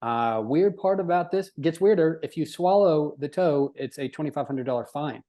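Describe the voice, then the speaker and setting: A man's voice: a little high, animated, moderate pace, warm tone. A man co-hosting a podcast, chatting casually, joking, laughing and swearing freely. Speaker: podcast co-host.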